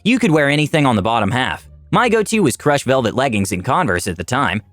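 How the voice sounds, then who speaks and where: A man narrating reddit stories aloud in a wry, expressive scripted reading. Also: medium pitch, fairly quick. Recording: dry voice-over with faint music.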